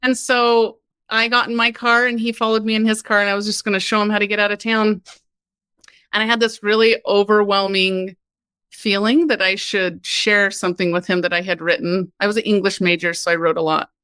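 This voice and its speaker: A woman from Kansas tells her own story as a podcast guest. Her manner is lively and candid, with laughs and a steady "like". Her voice sits at an ordinary middle pitch and sounds dry and close. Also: fairly quick, smooth, no room sound. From Kansas, United States. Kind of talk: personal storytelling conversation.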